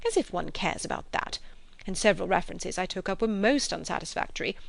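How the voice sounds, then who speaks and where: A fretful old English gentleman, gushing and easily flustered, as a woman reading a novel puts him on. The voice rides higher than her usual lowish tone and bubbles with agitation. The sound is dry and close. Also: fast talker, creaky, dry recording, heavily acted. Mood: excited, fretful. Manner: fretful, gushing, high and animated. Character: fussy excitable older English gentleman landlord.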